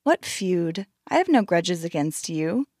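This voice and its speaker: A woman voicing a cautious, gentle male tortoise in a storybook tale, soft and hesitant. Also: lowish voice, sing-song, measured pace, dry recording, clean studio sound, voice pushed down. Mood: wary.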